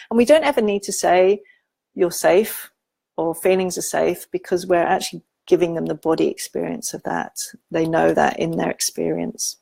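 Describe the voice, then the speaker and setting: A woman giving a gentle, informal talk on parenting, teaching with soft asides and quoted examples. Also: sits low, a little fast, gravelly, breathy edge, no room sound. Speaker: parenting educator.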